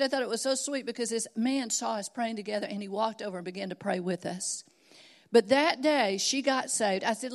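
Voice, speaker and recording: A middle-aged woman preaching a sermon, telling stories earnestly and building to emphatic exhortation. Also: mid-range voice.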